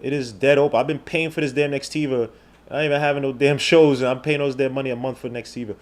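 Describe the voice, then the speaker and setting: A man hosting a podcast in casual chat, slangy and rambling, swinging from loud outbursts to low mutters. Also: steady tone, quick pace. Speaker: podcast host. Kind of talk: casual live-stream chat.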